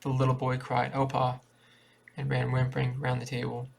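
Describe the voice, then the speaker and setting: A man reads a short story aloud in a plain, steady manner, now and then restarting a word. His voice is heavily creaky and gravelly at an ordinary middle pitch. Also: a little fast. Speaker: reader.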